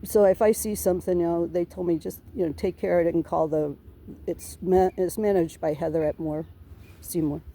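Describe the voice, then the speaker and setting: A woman's voice: fairly low pitch, fairly even intonation, brisk, dark tone. A middle-aged woman telling a police officer about a neighbor's harassment, rambling and aggrieved, swearing and restarting her sentences. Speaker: tenant reporting harassment to police. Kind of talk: emotional complaint to an officer.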